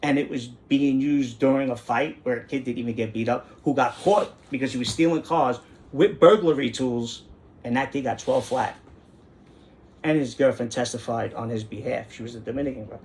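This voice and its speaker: A man's voice: medium pitch, moderate pace, darkish tone. A middle-aged man, hosting a casual monologue in an indignant, rambling way that repeats phrases for emphasis. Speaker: host.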